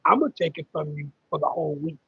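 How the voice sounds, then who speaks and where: A man's voice: a little high, lively intonation, very fast, slightly rough, no room sound, narrow, tinny audio. A middle-aged man hosting a casual livestream about caregiving, rambling and conversational with lots of ums as he reads viewer comments.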